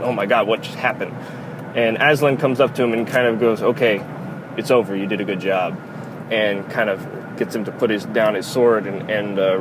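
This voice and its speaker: A man's voice: medium pitch, slight background noise, low-quality recording. A man giving casual spoken commentary on a book and its film, in a loose, rambling way full of filler phrases. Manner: loose, rambling delivery full of "kind of" and "you know".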